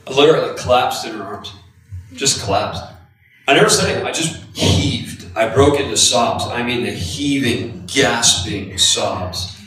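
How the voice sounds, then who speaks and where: Male pastor, middle-pitched, animated confessional storyteller, heard from far off in a very echoey hall. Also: a little slow. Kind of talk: sermon.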